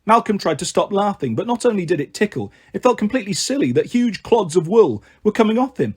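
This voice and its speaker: A man reading a children's novel aloud, lively and acting out the characters. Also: high voice, quick pace, breathy edge. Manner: lively, acts out every character with shifting voices. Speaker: storyteller.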